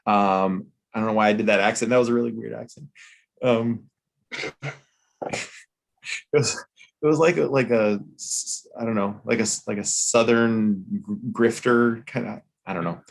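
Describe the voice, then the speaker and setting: A man with a fairly low voice co-hosts a casual chat. He is playful and showy, and he stretches his build-ups like an announcer. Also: steady tone, a little slow, creaky. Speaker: co-host.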